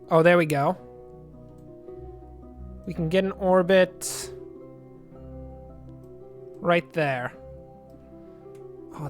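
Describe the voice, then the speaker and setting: A let's play gamer giving chatty game commentary, thinking aloud and drifting into jokey tangents. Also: medium pitch.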